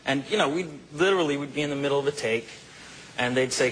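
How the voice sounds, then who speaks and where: A man with a mid-range voice tells anecdotes as an interview guest, easygoing and animated. He leans on casual fillers as he goes. Faint noise sits under the recording. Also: mid-range voice, fast, poor audio. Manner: relaxed, animated storytelling with fillers like "you know" and "man".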